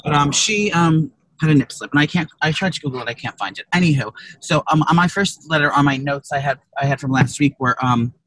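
A man co-hosting a comedy podcast, rambling through crude stories with loud, profane rants. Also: fairly high pitch, fast, few pauses. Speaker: podcast co-host. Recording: distant from the mic.

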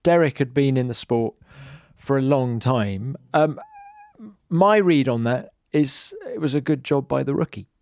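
A man's voice: medium pitch, unhurried, creaky, darkish tone, dry recording. Male podcast host, direct, informed questions, dry close mic. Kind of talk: interview questions.

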